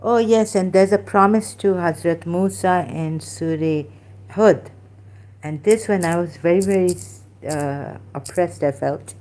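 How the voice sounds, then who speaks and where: Looking up verses in a casual monologue, this woman, an ex-Muslim commentator, speaks to camera with a lowish, darkish voice and a measured pace. She sounds hesitant, searching aloud, often restarting and filling pauses.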